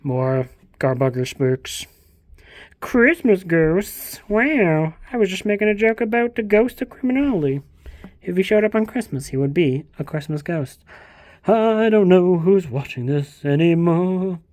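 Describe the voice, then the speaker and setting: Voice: mid-range voice, expressive, a little slow, darkish tone, dry recording, clean studio sound. A book vlogger giving a casual, rambling bookshelf tour at home, joking, swearing casually and slipping into silly voices. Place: home, walking between rooms.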